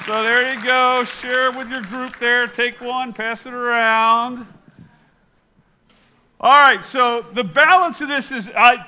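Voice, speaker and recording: A middle-aged man, a pastor, running a quiz with his congregation and telling an animated, self-mocking story. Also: very high voice, slow, a faint crowd, a little hiss or hum.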